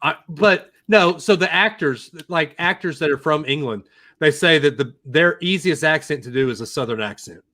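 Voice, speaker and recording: A man co-hosting a podcast in casual chat, chatty and laughing often with quick reactions. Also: on the high side, sharp tone. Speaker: podcast co-host.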